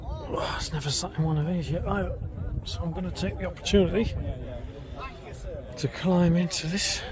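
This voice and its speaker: A man's voice: high-pitched, moderate pace. A man hosting his own vlog, chatting casually to camera and musing aloud as he looks round cars at a show. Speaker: vlog host. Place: busy electric car show. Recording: busy show crowd behind.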